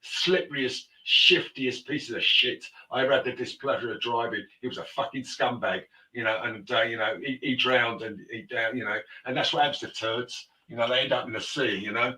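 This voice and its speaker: A man's voice: mid-range voice, normal speed, few pauses, sharp tone, roomy sound, distant mic, rough recording. A man telling coarse, swearing anecdotes in casual chat, full of stumbling restarts. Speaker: host.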